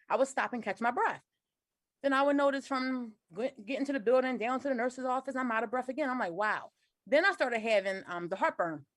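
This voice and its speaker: A woman's voice: a little high, no echo, studio quality. A woman in her forties telling a personal story in an earnest, detailed way, on a video call. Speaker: guest sharing her story.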